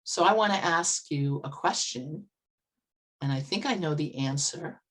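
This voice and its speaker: Low-voiced woman coach telling a story. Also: measured pace, fairly bright tone. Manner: earnest, conversational, with vivid retellings. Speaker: motivational speaker and life coach. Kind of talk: storytelling talk at an online meetup. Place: old farmhouse, indoors.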